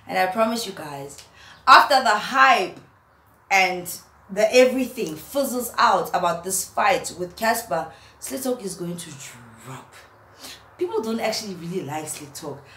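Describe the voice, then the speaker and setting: A young woman, a vlogger, roasting someone in a mocking, animated rant to camera and laughing at her own jokes. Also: mid-range voice. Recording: roomy echo, faint background hum.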